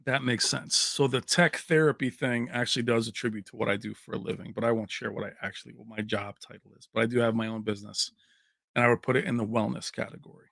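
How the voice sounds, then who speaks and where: A man's voice: mid-range voice, fairly even intonation, fast talker, gravelly, a bit bright, dry recording, clean studio sound. A man hosting a casual livestream, reading out viewers' names and locations and joking with the chat. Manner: chatty, reads names and places aloud, jokey. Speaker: livestream host.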